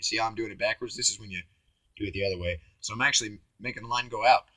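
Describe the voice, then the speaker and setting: A man rambling through a spiritual self-reflection, musing aloud, with his voice shifting between loud and hushed. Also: fairly low pitch, very fast, no echo. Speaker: vlogger. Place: home on Maui.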